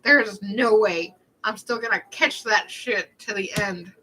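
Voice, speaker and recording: A woman's voice: mid-range voice, a little slow, bright, forceful tone, a little hiss or hum, low-quality recording. A young woman chatting casually on a livestream, telling rambling stories in a snarky, talkative way.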